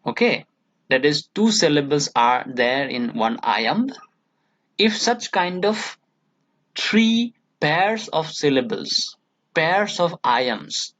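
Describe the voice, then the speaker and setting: Slow, patient Indian English lecturer. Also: male voice, mid-range voice, a bit bright. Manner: slow, patient explaining, frequent "okay" checks. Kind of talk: recorded classroom lecture. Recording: dull lo-fi audio.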